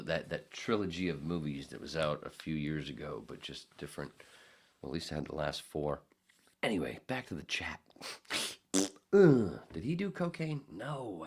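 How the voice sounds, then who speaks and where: Deep-voiced man, profane rambling podcast host. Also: lively intonation, normal speed. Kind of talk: casual podcast chat, reading out live chat comments.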